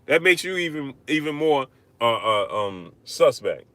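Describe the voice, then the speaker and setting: A man hosting a live-stream boxing rant, arguing hard, repeating himself and shouting out viewers. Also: mid-range voice, unhurried, dry recording. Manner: animated, repetitive, argumentative, shouting out viewers. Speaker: livestream host.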